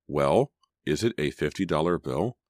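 An honest, cautious teenage girl, as a deep-voiced man puts her on for an audiobook. She speaks earnestly and warily, pitched well above his low natural voice. The recording is dry and close. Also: animated, normal speed, darkish tone, dry recording. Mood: surprised. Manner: earnest, wary.

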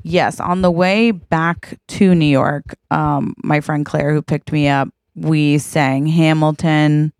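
A woman's voice: deep voice, steady tone, slow pace, few pauses, darkish tone, no echo, studio quality. A woman co-hosting a podcast, chatting animatedly and laughing often as she tells a story. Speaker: podcast co-host. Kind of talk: casual chat.

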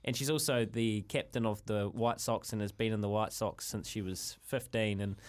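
A man's voice: fairly low pitch, steady tone. Articulate Kiwi man setting up a segment. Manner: measured and articulate, explains at length. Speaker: radio host. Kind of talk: radio talk segment.

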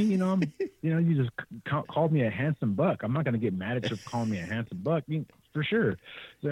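A man's voice: fast talker, slightly rough, no room sound. A young man from California telling hunting stories, acting out other people's lines in a raised voice and laughing often. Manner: animated, acts out quotes in a higher voice, laughs often. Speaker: podcast guest, hunter. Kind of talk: casual storytelling. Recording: tinny, dry remote call audio.

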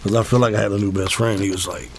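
A man's voice: on the low side, fairly even intonation, very fast, over a noisy crowd. A man guest telling a long story in a laid-back, profane way, full of fillers. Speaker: interview guest. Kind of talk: casual storytelling.

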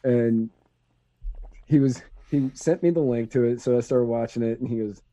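Mellow dark-voiced man chatting. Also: mid-range voice, fairly even intonation, fairly quick, dry recording. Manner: laid-back storytelling, filler-heavy. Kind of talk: casual political chat.

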